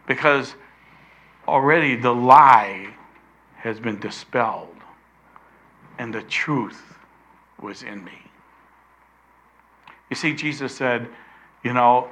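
Slow, emphatic older male preacher. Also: medium pitch, bright, forceful tone. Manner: emphatic, slows down to stress key words. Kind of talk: sermon.

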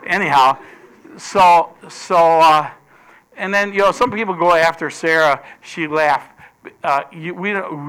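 A man preaching a sermon, swinging between loud emphasis and hushed whispers. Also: a little high.

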